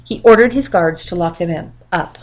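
A woman reading a storybook aloud in a steady, quiet narration. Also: fairly low pitch, normal speed, rough recording.

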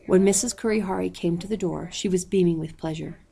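A woman reading a story aloud at a measured pace, calling out page numbers as she goes. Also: on the low side, vocal fry, dark tone. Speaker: audiobook reader.

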